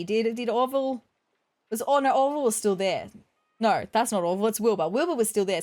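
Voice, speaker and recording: A woman hosts a casual let's-play, chatting away as she plays and reading the game's dialogue aloud. Her voice sits a little high for a woman, friendly and talkative in tone. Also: a little fast, a little mellow. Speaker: gaming video host.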